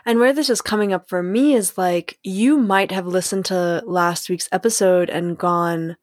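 A woman's voice: lowish voice, measured pace, few pauses, no room sound, studio quality. A young adult woman hosting a solo podcast, talking in a reflective, candid way, laughing often and acting out the voices in her head. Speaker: podcast host.

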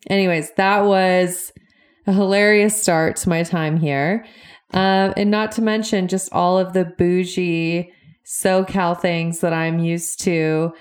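A woman's voice: on the low side, darkish tone. A woman hosting her own podcast as a relationship coach, chatting upbeat and directly to her listeners. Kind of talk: casual podcast monologue.

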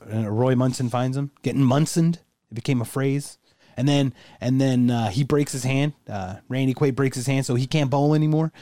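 A man's voice: mid-range voice, dark tone, dry recording, studio quality. A man co-hosting a casual podcast, chatting in profane, laughing banter about movies. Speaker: podcast co-host. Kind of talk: casual chat.

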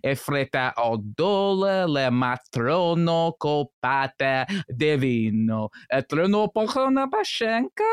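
Guy putting on a pompous space translator spouting fake french, slow and swooping, singsongy. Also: fairly high pitch, sing-song, clear, resonant tone, no echo, clean studio sound. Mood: grandiose. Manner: mock French gibberish, drawn-out and sing-song. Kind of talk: tabletop role-play in character.

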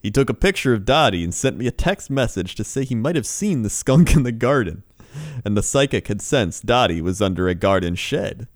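A man's voice: on the low side, lively intonation, a little fast, no room sound, studio quality. A man co-hosting a casual comedy talk show, reading odd news stories aloud and laughing often.

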